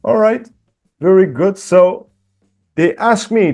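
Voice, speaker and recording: A man teaching an online English lesson, reading example sentences slowly and clearly and talking directly to his viewers in an encouraging way. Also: sits high, big pitch swings, a little mellow.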